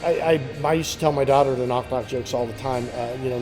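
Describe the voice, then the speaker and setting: A man with a mid-range voice speaks dryly and hesitantly, working toward his punchlines. Music plays clearly in the background. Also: medium pitch, fairly even intonation, fast, hardly any pauses, low-quality recording. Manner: dry, hesitant, joking. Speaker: comedy student. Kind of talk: casual interview answers.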